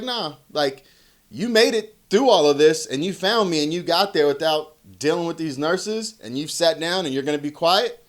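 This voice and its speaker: A man in his thirties talking casually about parenting, relaxed and conversational, acting out quoted lines. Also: on the high side, brisk. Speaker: parenting vlogger. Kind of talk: casual talk to camera.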